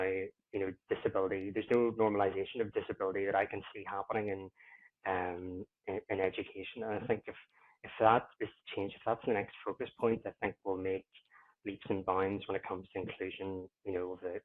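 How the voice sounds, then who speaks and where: Male podcast guest with a lowish voice, reflective and halting, on a thin phone-quality line. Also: little pitch movement. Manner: reflective, pausing often to find words. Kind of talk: casual interview conversation.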